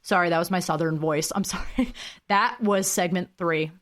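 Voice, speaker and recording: A woman's voice: on the low side, normal speed, fairly bright tone. Young female podcast host, chatty and self-deprecating, casual solo talk with frequent apologies.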